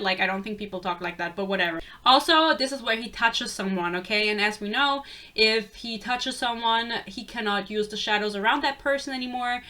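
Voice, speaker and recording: A young woman talks through a book in a loose, rambling rant, sarcastic and quick to swear. Her voice sits a little high and sounds bright and sharp. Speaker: book reviewer.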